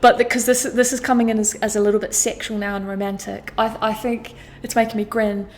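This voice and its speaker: A woman's voice: mid-range voice, level tone, a little fast, a little hiss or hum. A woman giving a tarot reading to her viewers, earnest and emotional, often repeating her phrases and swearing casually. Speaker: tarot card reader. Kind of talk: astrology tarot reading monologue.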